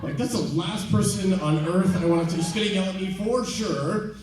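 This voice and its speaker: A man doing stand-up, telling a rambling, self-deprecating story with halting ums and restarts. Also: high-pitched, a little mellow, slight background noise. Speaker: stand-up comedian. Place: theater stage before a live audience. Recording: echoey venue from far off.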